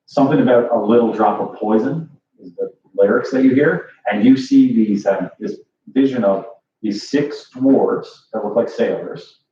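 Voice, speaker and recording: A man serving as dungeon master for a tabletop game narrates casually in a warm, mid-range voice at a moderate pace. He rambles with many fillers and "like"s, captured by a distant, echoey lo-fi room mic with faint hiss.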